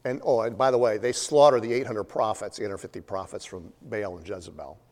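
A man's voice: on the low side, fairly quick, darkish tone. A man preaching a sermon, retelling a story in a conversational way with many fillers and humorous asides. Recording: long hall reverb.

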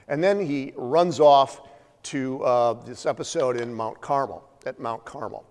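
A man delivers a sermon in a big hall with a long, ringing reverb trailing after his words. His pitch sits in an ordinary middle range. He tells the story casually, stumbling over fillers and tossing in wry asides. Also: unhurried, darkish tone. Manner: conversational storytelling with frequent fillers and humorous asides. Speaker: preacher.

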